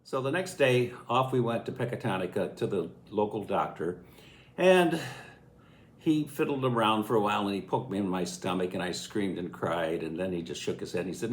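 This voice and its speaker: In a low voice at normal speed, a man in his eighties from Illinois recounts a farm-childhood memory. He's folksy, lively, and quick to chuckle, and his casual memoir is recorded in a room with echo.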